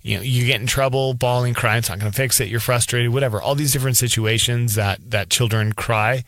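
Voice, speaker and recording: A man's voice: medium pitch, steady tone, brisk, fairly bright tone, no room sound. Blunt, self-deprecating man, dry close sound. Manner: repeats words when starting a thought. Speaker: vlogger, parent. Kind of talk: casual advice monologue.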